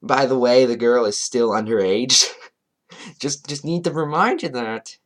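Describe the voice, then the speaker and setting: A man's voice: medium pitch, a little slow. A man doing a commentary vlog, reading chat logs aloud and breaking in with sarcastic, chuckling asides. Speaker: commentary YouTuber.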